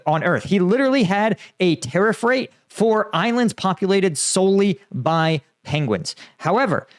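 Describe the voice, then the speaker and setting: High-voiced man giving dry sarcastic commentary. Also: dry recording. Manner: conversational, sarcastic, frequent restarts. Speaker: commentary channel host. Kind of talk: casual political commentary.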